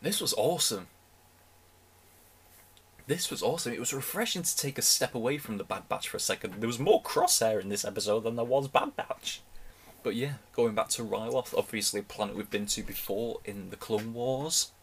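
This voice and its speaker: A man's voice: fairly low pitch, expressive, a little fast, husky. A young man giving a casual, rambling reaction commentary, often restarting his sentences as an enthusiastic fan. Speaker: reaction video host.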